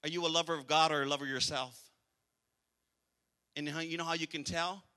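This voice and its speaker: High, piercing-voiced preaching pastor. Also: male voice, fairly even intonation, a little fast, sharp tone, long reverb tail. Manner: emphatic preaching with repetition and calls to the congregation. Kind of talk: sermon.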